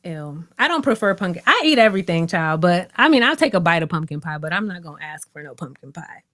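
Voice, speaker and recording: Expressive woman in dry close sound. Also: fairly low pitch, quick pace, dry recording. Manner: expressive, emphatic, laughing asides. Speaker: co-host guest. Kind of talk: casual podcast chat.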